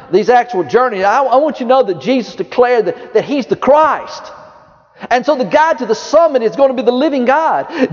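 A man preaching a sermon, lively, dropping low and soft when quoting. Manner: lively preaching, drops low and soft for quoted words of Jesus. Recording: dull reverberant hall sound.

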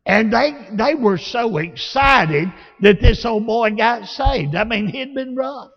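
A man with a Southern accent preaching a sermon, telling folksy stories and rising to shouts. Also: very high-pitched, animated, slow pace. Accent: Southern American. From Alabama. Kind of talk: sermon with storytelling. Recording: lo-fi, long reverb of a church hall.

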